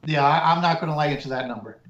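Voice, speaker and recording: Measured man on an echoey line. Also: fairly high pitch, fairly bright tone, highs cut off. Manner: measured, restarts words. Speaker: sports handicapper. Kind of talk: betting analysis chat.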